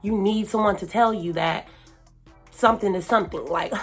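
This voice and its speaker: A woman's voice: mid-range voice, normal speed, soft background music. A woman giving casual self-help advice to camera, chatty and full of fillers. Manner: chatty, lots of fillers, hypes herself up.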